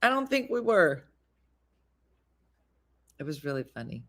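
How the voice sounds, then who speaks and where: Female stream host, casual chat, storyteller, quick to laugh. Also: low-pitched, very animated. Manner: chatty storyteller, laughs often. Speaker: live-stream host reading viewer comments.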